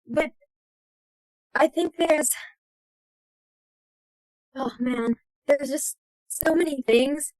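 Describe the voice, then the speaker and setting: A woman's voice: high-pitched, very slow, long pauses, darkish tone, no echo, poor audio. A young American woman, an actress, talking thoughtfully as a podcast guest. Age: young adult. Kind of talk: casual interview.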